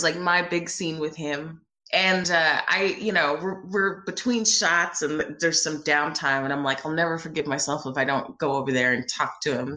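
A woman being interviewed about her first film, telling animated stories, laughing often and acting out what people said. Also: sits low, reverberant. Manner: bubbly, laughs often, acts out quoted voices. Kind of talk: animated anecdotal storytelling.

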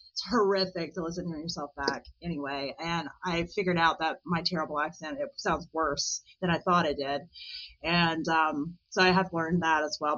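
A woman talking as a podcast guest in a casual interview, chatty and animated, often laughing. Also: lowish voice, dull audio.

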